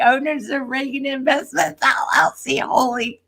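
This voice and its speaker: A woman streaming a live tarot reading, excitable and laughing a lot, dropping to whispers and then bursting into shouts. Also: sits high, moderate pace, vocal fry, few pauses. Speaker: tarot reader.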